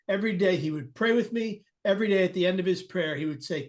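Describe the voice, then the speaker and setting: Guy with a pretty high voice telling his story on a podcast, earnest, acts out everyone he quotes, restarts a lot. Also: fast talker, hardly any pauses. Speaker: podcast guest. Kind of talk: personal storytelling in an interview.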